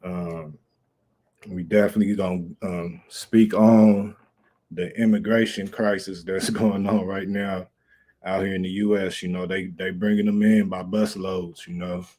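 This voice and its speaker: Deep-voiced laid-back male livestream host. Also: little pitch movement, unhurried, warm tone. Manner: laid-back, rambling, slangy. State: out of breath. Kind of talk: casual livestream chat.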